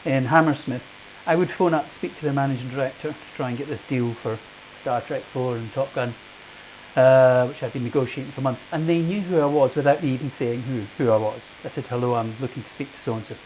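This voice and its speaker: A man's voice: medium pitch, a little fast, darkish tone, a little hiss or hum, low-quality recording. A middle-aged man speaking on a panel, chatty and anecdotal, restarting his sentences often. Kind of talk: public talk answering questions. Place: meeting room with audience.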